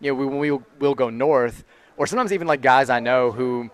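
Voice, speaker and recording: Kentucky man, 30s, co-host, mid pitch, fast rambly chatter. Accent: Kentucky, slight Southern. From Louisville, Kentucky. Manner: rambling, heavy "like" filler, chatty. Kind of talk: casual chat.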